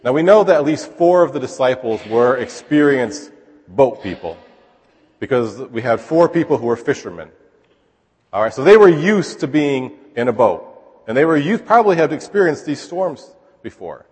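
A man preaching in a relaxed, conversational way, often putting rhetorical questions to his listeners. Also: medium pitch, brisk, slightly rough. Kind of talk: conversational sermon. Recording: long hall reverb.

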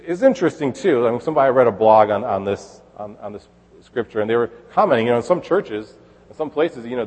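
A man gives a sermon with a slightly husky voice, sounding easygoing. He reads scripture aloud, then explains it with fillers and restarts. A long, lingering reverb trails his words. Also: medium pitch, darkish tone. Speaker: pastor.

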